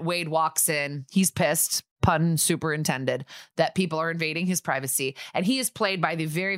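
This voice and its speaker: Chatty irreverent woman, low voice. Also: fairly bright tone, no echo, clean studio sound. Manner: chatty, irreverent, acts out lines from the episode. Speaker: podcast co-host recapping an episode. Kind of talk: casual chat.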